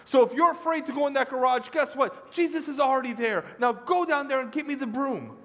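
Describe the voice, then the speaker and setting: A man's voice: very high-pitched, brisk, pushed and bright, pitched above the performer's own voice, heavily acted. A pastor voicing a mother who coaxes her son firmly, heard in a church with long reverb. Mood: insistent. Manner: firm, coaxing. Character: patient mother, firm and coaxing.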